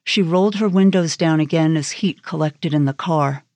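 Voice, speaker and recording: A woman narrating a crime thriller audiobook in a steady, even storytelling manner. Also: low voice, moderate pace, no echo. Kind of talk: scripted narration.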